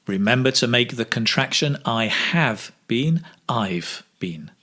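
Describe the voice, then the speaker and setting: A man teaching English speaking, modelling phrases slowly with exaggerated intonation for learners to repeat. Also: mid-range voice, pushed and bright. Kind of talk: slow, clear pronunciation drill.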